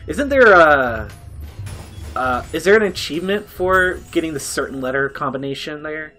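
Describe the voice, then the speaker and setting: A laid-back man trading casual banter over a game playthrough. His pitch rises and falls a lot as he talks, and he swears freely and laughs often. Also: lively intonation, normal speed, pushed and bright, faint music behind.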